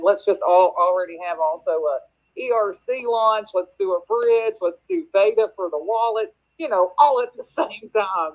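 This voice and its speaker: A woman's voice: lowish voice, low-quality recording. A woman from Kentucky with an Appalachian accent, chatting casually as a guest on a live audio space, laughing often and restarting her sentences. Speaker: crypto project guest.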